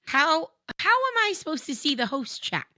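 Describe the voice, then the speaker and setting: A woman's voice: high voice, very animated, moderate pace, bright, forceful tone, no echo, studio quality. A woman, an intern on a livestream, chatting casually and complaining frankly. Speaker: stream intern. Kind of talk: casual stream chat.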